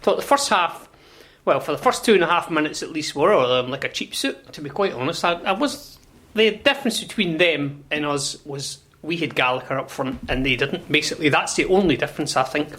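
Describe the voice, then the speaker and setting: A man's voice: fairly high pitch, animated, fairly quick, pushed and bright. A man co-presenting a fan radio show in a small studio, rambling and chuckling as he talks. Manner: rambling, chuckling, repeats himself. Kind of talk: casual fan radio chat.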